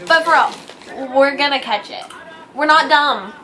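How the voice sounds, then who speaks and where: A young woman co-hosting a vlog, giggly and quick with quips, acting out little quoted scenes in casual chat. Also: sits high, crowd noise. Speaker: vlog co-host.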